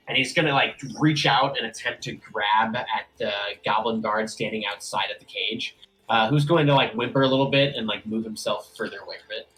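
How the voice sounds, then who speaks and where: A man running a tabletop game as game master, talking in a relaxed way with many fillers. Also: on the low side, brisk, poor audio.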